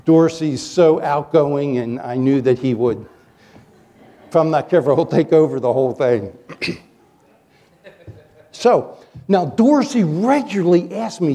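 A male pastor preaching a sermon, telling stories in an animated, joking way as he coaches his listeners. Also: fairly high pitch, moderate pace. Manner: animated, jokey storyteller who coaches the audience. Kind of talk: sermon with storytelling.

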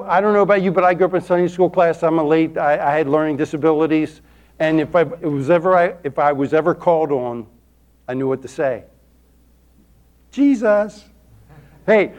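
A man's voice: on the high side, brisk. A man pastor preaching a folksy, emphatic sermon to his congregation in a church, repeating words for stress and asking for amens. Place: church sanctuary.

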